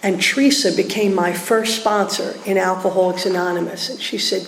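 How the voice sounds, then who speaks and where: Philly woman sharing her story, lively, does all the voices, big echoey hall, faint hum. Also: mid-range voice, moderate pace, few pauses. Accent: Philadelphia. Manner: animated storyteller, acts out quoted voices, laughs often. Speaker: recovery meeting speaker. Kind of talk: personal testimony to a group. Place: meeting hall. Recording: roomy hall echo, faint background hum.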